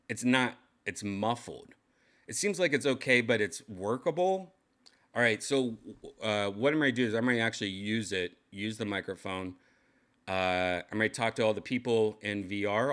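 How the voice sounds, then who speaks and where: A man's voice: fairly low pitch, a bit bright. A man livestreaming casual chat to his viewers, loose and rambling, swearing casually as he tests gear. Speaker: vlogger testing a VR headset mic.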